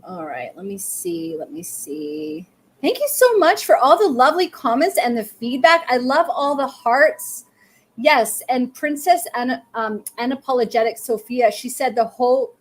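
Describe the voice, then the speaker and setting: A woman medium doing live readings, speaking in a soothing, affirming way in short phrases and often saying okay. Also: a little high. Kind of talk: live-stream reading, chatting to viewers.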